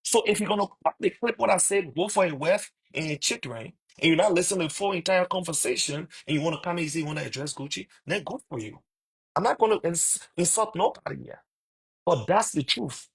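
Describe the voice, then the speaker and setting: A man from Liberia speaks in a loose commentary monologue, going back over who said what and repeating his key points for emphasis. His voice is gravelly, with a husky, slightly rough edge. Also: sits high, animated, fairly quick. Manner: repetitive, emphatic retelling of conversations. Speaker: online commentator. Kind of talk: casual storytelling monologue.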